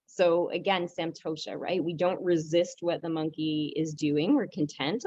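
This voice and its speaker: A woman leading a yoga workshop, calm and gently humorous. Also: fairly low pitch, moderate pace, no room sound, highs cut off. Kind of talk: guided group workshop.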